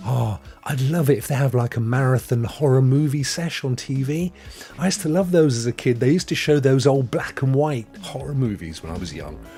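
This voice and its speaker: A man's voice: mid-range voice, mellow. A middle-aged man hosting a live stream, chatting and greeting viewers by name. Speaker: host. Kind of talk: live-stream chat reading viewer comments.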